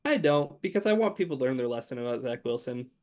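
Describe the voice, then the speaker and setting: A man's voice: medium pitch, lively intonation, fast, darkish tone. A man co-hosting a sports podcast, rambling casually with many fillers. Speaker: podcast co-host.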